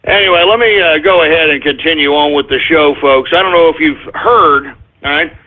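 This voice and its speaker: A man hosting a talk radio show, ranting loudly with shouted bursts and drawn-out emphasis on key words. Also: a little high. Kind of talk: ranting internet radio monologue. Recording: tinny phone-like radio stream.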